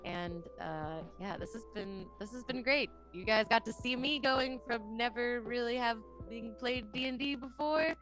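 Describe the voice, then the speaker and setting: A woman player saying a soft, hesitant goodbye to viewers. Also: on the high side, measured pace, hardly any pauses. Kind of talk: casual goodbye on a stream. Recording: clear music behind.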